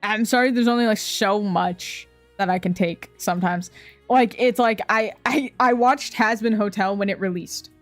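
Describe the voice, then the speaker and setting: A woman's voice: mid-range voice, moderate pace, no echo, faint music behind. A young woman streamer chatting casually with her viewers, ranting bluntly, swearing often and laughing a lot. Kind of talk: casual chat reacting to chat messages.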